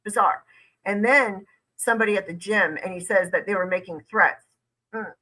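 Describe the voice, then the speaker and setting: Emphatic woman lawyer with bright voice. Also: mid-range voice, moderate pace, rough recording. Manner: conversational, emphatic, repeats points for stress. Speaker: lawyer commentator. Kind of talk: reaction commentary.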